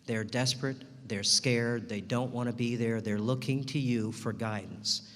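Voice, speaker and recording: A man giving a ceremony speech, telling a story and acting out the dialogue in lively turns. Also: medium pitch, a little slow. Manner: animated storyteller acting out both sides of a dialogue. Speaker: ceremony speaker. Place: large hall. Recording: long hall reverb.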